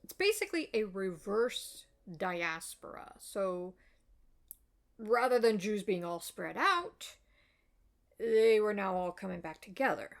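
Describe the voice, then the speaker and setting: A woman's voice: mid-range voice, expressive, slow pace, gravelly. A woman explaining history in a casual, rambling way, with many ums, uhs and apologetic asides. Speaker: video essayist.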